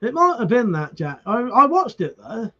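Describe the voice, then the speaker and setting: A man's voice: very high voice, very animated, moderate pace, bright, forceful tone. A man chatting casually with viewers on a live stream, reading comments, greeting them by name and swearing freely. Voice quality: swears freely, restarts words. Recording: dull lo-fi stream audio.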